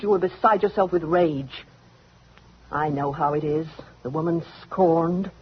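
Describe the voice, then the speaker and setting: A jealous rival woman who mocks and accuses with a sarcastic drawl for an old radio play. Her voice swoops up and down with lively pitch and a husky edge. It comes through a dull, lo-fi vintage radio recording. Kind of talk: 1940s radio drama acting.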